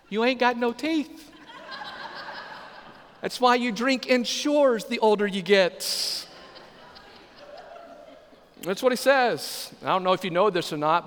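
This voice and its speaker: A man's voice: sits high, fairly bright tone. A male pastor preaching a sermon, joking and asking the congregation questions. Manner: humorous, asks the congregation questions. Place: church sanctuary. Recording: live sermon in a reverberant hall.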